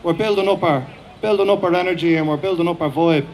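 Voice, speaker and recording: A middle-aged Irish man giving a rousing, fast-paced speech at an outdoor rally. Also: fairly high pitch, darkish tone, a little hiss or hum. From Ireland. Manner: fast-talking, repetitive, rousing. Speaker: speaker at a rally.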